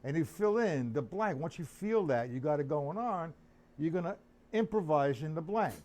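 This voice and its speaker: A man's voice: fairly high pitch, expressive, moderate pace, a little mellow. A man teaching drums on a live stream, chatting loosely and answering viewers by name. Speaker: drum teacher. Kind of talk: live-streamed drum lesson.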